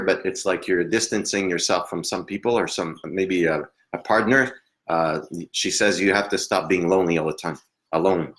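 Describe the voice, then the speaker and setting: A man working as a psychic medium, giving a live reading in a hesitant, halting way with frequent laughs. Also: sits low, a bit bright.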